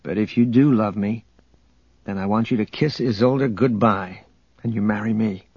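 A man's voice: fairly low pitch, moderate pace, husky, no echo. A man voicing a cocky, roguish male starship captain who talks in a laid-back, teasing way, in a dull, dry audiobook recording. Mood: earnest.

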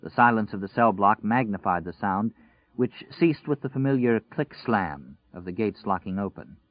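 A man narrating a dark story in a measured, tense storytelling voice. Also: on the low side, no echo. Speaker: audiobook narrator. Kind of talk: dramatic scripted narration. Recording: tinny, phone-like and dry.

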